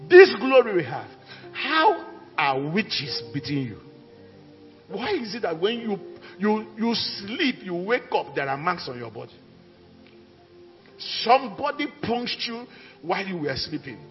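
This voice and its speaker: A male pastor preaching a fiery sermon, dropping low and then shouting out declarations. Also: sing-song, unhurried, husky. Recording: echoey hall with dull sound and faint music.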